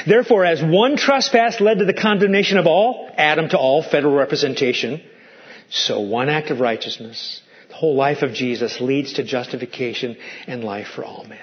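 A male pastor preaching a sermon with animated delivery, swinging from loud to hushed. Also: fairly high pitch. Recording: muffled lo-fi sermon recording.

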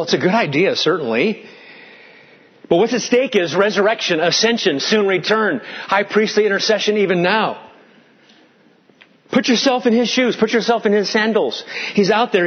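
A pastor preaching a dramatic sermon, dropping into hushed tones for emphasis. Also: male voice, high-pitched, slightly rough, highs cut off.

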